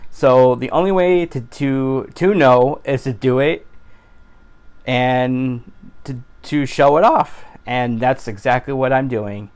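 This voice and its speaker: A man talking in a casual vlog monologue, earnest and rambling, with frequent restarts and animated exclamations. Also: mid-range voice, slow, clear, resonant tone. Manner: animated exclamations of his catchphrase. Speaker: YouTuber.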